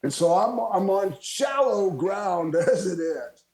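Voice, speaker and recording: An older man from Florida, a retired wrestler, telling lively stories as a guest and laughing often. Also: sits high, takes it slowly. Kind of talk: storytelling interview. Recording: roomy echo.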